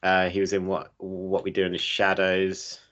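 A man with a very low voice, chatting casually on a podcast. He pitches ideas with enthusiasm and hesitates on fillers between them. The sound is dull and lo-fi. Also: monotone, moderate pace, a bit bright. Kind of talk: casual chat. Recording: dull lo-fi mic.

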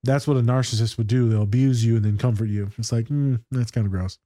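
A man's voice: mid-range voice, steady tone, quick pace, mellow, dry recording, studio quality. A man working as a therapist, talking casually and bluntly about a TV scene and telling stories, with plenty of swearing. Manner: blunt, profane, storytelling. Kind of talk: casual reaction chat.

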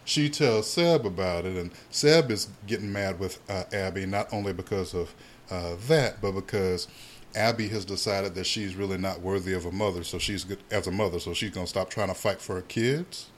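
Man, podcast co-host, casual chat, animated, swears a lot, acts out lines. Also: deep voice, normal speed, slight background noise. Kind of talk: casual chat recapping a soap opera.

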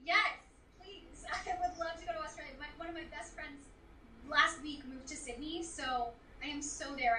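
A woman's voice: high voice, fairly bright tone, recorded from a distance, slight background noise. A woman, a voice actress, chatting enthusiastically as a guest in a casual interview. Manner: enthusiastic, gushing. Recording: echoey room, somewhat off-mic.

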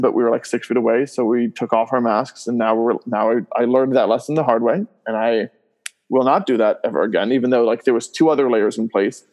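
A man guesting on a podcast, telling family stories in casual chat, often laughing and filling his talk with "like" and "um". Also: medium pitch. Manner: animated storyteller, laughs often, voices loud screams in stories; many fillers like "like" and "um".

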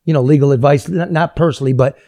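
A man hosting a talk show, chatting casually and making jokey, rambling sponsor pitches. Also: fast talker, mellow. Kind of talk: casual talk show chat with live ad reads.

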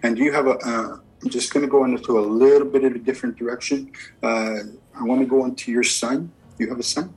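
A man's voice: mid-range voice, steady tone, fast, darkish tone, husky, rough recording. A man working as a medium and giving a spirit reading. He asks a string of short yes-or-no questions and answers each reply with "okay, perfect.".

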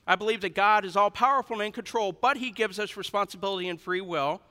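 A man preaching a sermon to a congregation, dynamic and humorous, swinging between loud emphasis and hushed asides. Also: sits high, fast talker. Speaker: pastor. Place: large church hall. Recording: reverberant hall.

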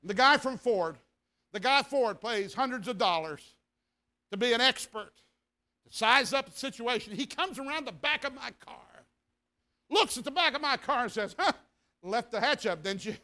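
A high, bright male voice. He is a revival preacher spinning a folksy story from the pulpit, animated and acting out sounds as he goes. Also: moderate pace. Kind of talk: sermon storytelling.

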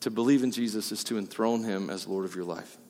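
A pastor preaching a sermon, emphatic and swinging between loud and quiet, with jokey asides. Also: male voice, lowish voice, fast talker. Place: church hall. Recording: long hall reverb.

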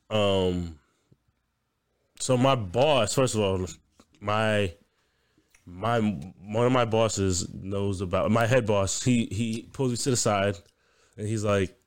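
A man's voice: fairly low pitch, smooth. A young man co-hosting a casual podcast, laughing often, swearing freely and acting out what others said. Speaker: podcast co-host. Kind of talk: casual banter.

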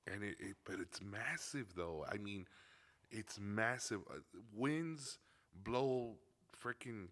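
A man's voice: fairly low pitch, slow pace, a bit bright. A young Mexican American man from Chicago co-hosting a casual podcast, telling stories and switching between English and Spanish. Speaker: podcast co-host. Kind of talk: casual chat.

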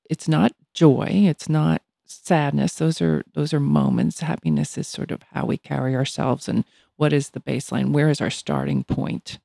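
Gravelly older woman, reflective. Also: low voice, dark tone, no room sound, clean studio sound. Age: 60s. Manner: reflective, thoughtful. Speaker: podcast co-host. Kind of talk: casual chat.

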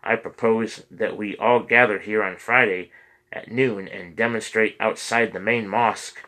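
A man's voice: lowish voice, steady tone, a little slow, pushed and bright, rough recording. A man reading the lines of a resolute businessman urging a protest. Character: determined male businessman proposing protest.

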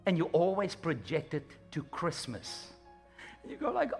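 A man with a high voice preaches a lively, humorous sermon. He acts out little scenes in passing, with faint music underneath. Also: measured pace. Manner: animated, humorous preaching with acted-out asides. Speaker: pastor.

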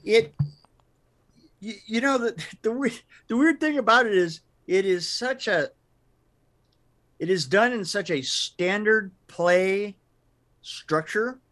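A man co-hosting a podcast in casual chat, halting and repeating words as he gathers his thoughts. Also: high-pitched, a bit bright. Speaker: podcast co-host.

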